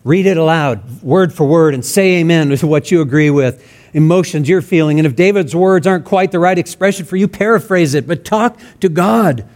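A man's voice: fairly high pitch, moderate pace, darkish tone. A man preaching a sermon in an earnest, conversational way, acting out sample prayers in his own words. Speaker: pastor.

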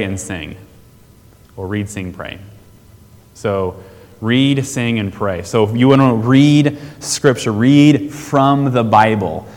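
Man, church teaching, conversational, slightly low voice, reverberant hall. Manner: conversational, asks the audience questions, frequent "right?". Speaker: teacher on family discipleship.

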